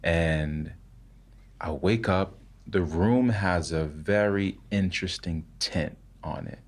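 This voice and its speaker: A young adult man, a podcast guest, telling a story in a casual, halting way, full of repeats and "like". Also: low-pitched, breathy edge.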